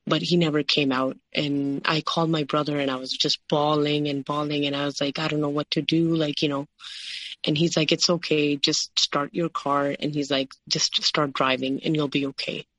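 A woman's voice: sits low, level tone, normal speed, a bit bright, no room sound. A woman telling her personal story as an interview guest, full of fillers and quoted dialogue. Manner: recounting with many "like" and "you know" fillers, quoting others.

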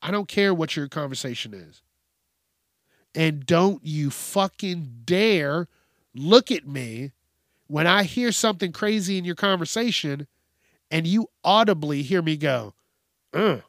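Podcast host, male, exasperated rant delivery, raspy fry in the voice, slightly high-pitched. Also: expressive, a little slow, fairly bright tone, no room sound, studio quality. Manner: profane, exasperated, mimics people in high voices. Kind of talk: casual ranting monologue.

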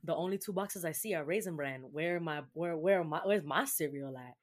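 A woman's voice: deep voice, fairly quick. A young woman hosting a chat show, telling a story casually with lots of swearing, laughter and Spanish words mixed in. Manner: animated, profane, laughing storyteller.

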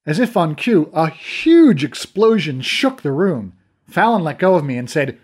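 A man narrating a story in first person, expressive and dramatic. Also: fairly high pitch, unhurried. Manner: expressive, voices characters. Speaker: audiobook narrator.

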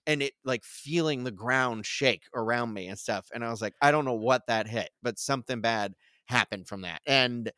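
A man's voice: mid-range voice, moderate pace, few pauses, sharp tone, smooth, no echo, studio quality. Rambling man telling a casual story. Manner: rambling, filler-heavy with many likes and restarts. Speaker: podcast guest telling stories.

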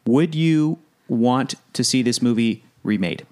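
A man's voice: medium pitch, slow. A man hosting a casual podcast about films, talking animatedly and breaking into acted-out quotes. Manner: animated, laughing, acts out quotes in loud voices. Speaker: podcast host. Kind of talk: casual podcast film discussion.

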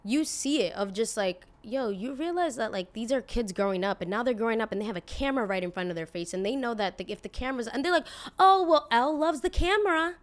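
This twenty-something podcast host rants in a casual opinion monologue, her medium-pitched voice animated and fast with few pauses. She comes across blunt and indignant, peppering her talk with "like" and the occasional swear word.

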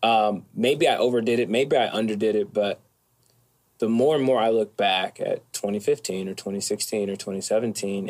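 A man speaking as an interview guest, calm and thoughtful, with occasional soft hesitations. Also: fairly low pitch. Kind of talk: reflective conversation.

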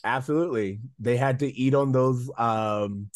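A man's voice: mid-range voice, a little slow, dry recording. Male podcast co-host, opinionated casual talk, close dry mic. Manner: opinionated, laughs easily. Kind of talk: casual chat.

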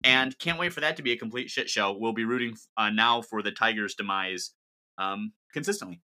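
A man's voice: fairly low pitch, a little fast, bright, forceful tone. A man co-hosting a sports podcast, ranting in an impassioned, wordy way. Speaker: podcast co-host. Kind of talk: casual sports podcast chat.

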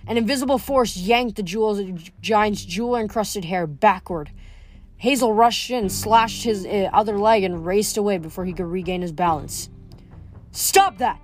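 A woman reads a novel aloud at a middle pitch, now and then stumbling and correcting herself. Faint music plays softly in the background. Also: moderate pace. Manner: reads with small slips and self-corrections. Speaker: audiobook reader.

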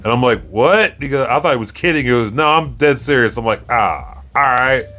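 A man co-hosting a podcast, telling crude jokes and animated stories in casual chat. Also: mid-range voice, a little fast. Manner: crude, joking, animated storyteller. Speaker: podcast co-host.

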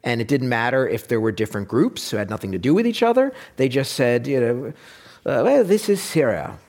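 A man talking in a casual discussion, animated and wry, who sometimes slips into mock voices to make a point. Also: medium pitch, fast talker.

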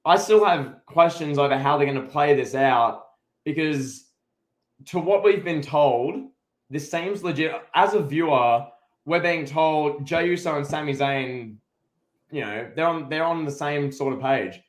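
A podcast co-host offers strong, emphatic opinions in casual chat about a wrestling show, often restarting his sentences. His voice sits on the high side at a measured pace, and the sound is reverberant.

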